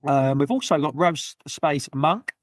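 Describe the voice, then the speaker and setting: A man hosting a gaming podcast on his own, rambling through shout-outs and jokey, self-mocking asides. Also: fairly high pitch, expressive, unhurried, dry recording, clean studio sound. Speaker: podcast host. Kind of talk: solo gaming podcast chat.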